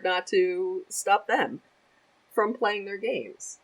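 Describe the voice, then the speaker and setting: A woman's voice: mid-range voice, expressive, takes it slowly, low-quality recording. A woman guest on a podcast, chatting casually and animatedly and laughing easily. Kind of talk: casual chat.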